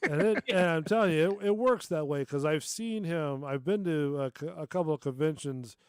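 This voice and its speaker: A man hosting a casual internet radio show, speaking haltingly with restarted sentences. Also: on the high side, smooth, no room sound, studio quality. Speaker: show host.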